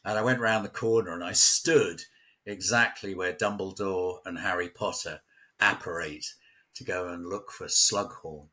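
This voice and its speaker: A low, steady voice with a sharp tone and moderate pace belongs to an Englishman chatting at home near a village. As a local guest, he keeps the talk casual, full of stories and frequent laughter.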